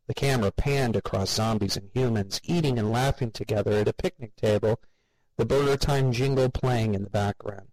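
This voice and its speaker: A man narrating an audiobook in a measured, wry way. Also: fairly low pitch, darkish tone, no room sound, poor audio.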